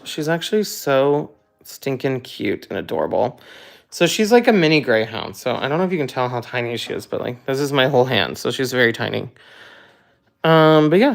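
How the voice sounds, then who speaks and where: A young woman hosting a casual livestream Q&A, reading out chat comments in a bubbly, chatty way with quick asides. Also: very deep voice, expressive, creaky. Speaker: livestream host.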